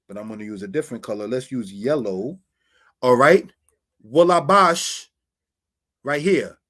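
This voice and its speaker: A man's voice: medium pitch, fairly bright tone. A man teaching a Bible Hebrew lesson over slides, addressing viewers as brothers and sisters, explaining words step by step.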